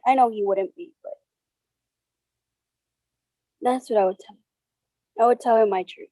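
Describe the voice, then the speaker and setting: Woman, interview guest, halting emotional speech, higher voice, dry sound. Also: dark tone, dry recording, rough recording. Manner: slow, halting, tearful at times. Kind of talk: emotional personal interview over video call. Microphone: video call.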